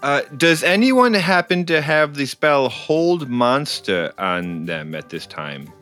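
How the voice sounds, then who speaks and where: A man's voice: mid-range voice, big pitch swings, takes it slowly, pushed and bright, faint music behind. A man playing a cleric in a tabletop game, speaking playfully and earnestly in character, often laughing. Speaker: player. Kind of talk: tabletop role-play.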